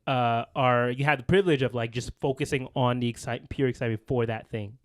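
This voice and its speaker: A man's voice: medium pitch, fairly quick, no echo. Casual laid-back man, dry close sound. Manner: relaxed, rambling, laughs often. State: feeling hot. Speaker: podcast co-host. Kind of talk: casual chat. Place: small room with lights and camera.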